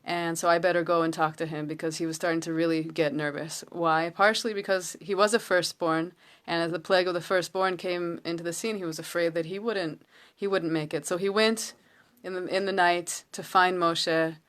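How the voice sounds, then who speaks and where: A woman giving a casual, earnest Torah talk from home, retelling a story with halting restarts. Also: lowish voice, fairly even intonation, a bit bright. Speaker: Torah teacher.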